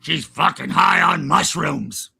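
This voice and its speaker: A man's voice: fairly high pitch, slow, vocal fry, bright, forceful tone, husky, exaggerated voice. A man putting on the curt, grumbling voice of a cranky older husband as he tells a story. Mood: grumpy.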